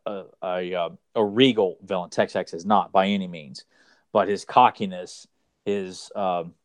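A man's voice: deep voice, no room sound, studio quality. A man co-hosting a podcast, chatting casually and enthusiastically about an old cartoon in a rambling way. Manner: enthusiastic, rambling fan talk. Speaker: podcast co-host.

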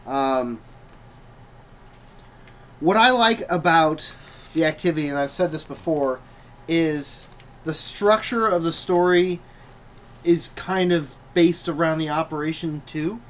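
A man with a slightly high voice talks comics in a loose, rambling way, full of ums and restarts. A faint hum of noise sits under the recording. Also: takes it slowly, pauses often. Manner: rambling, hesitant, many fillers and restarts. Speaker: comic book podcast co-host. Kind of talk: casual chat.

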